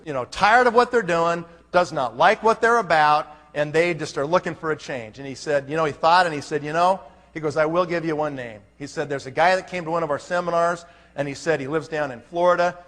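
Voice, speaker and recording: A man giving a motivational business presentation, telling a story and acting out the dialogue. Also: a little high. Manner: animated, acts out dialogue. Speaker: network marketing speaker. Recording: reverberant hall.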